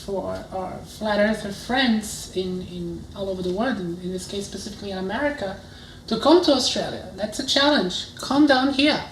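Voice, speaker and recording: A woman's voice: mid-range voice, moderate pace. Woman, interview host, Portuguese speaker, echoey room, faint hiss. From Brazil. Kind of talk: casual interview chat. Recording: roomy echo with faint noise.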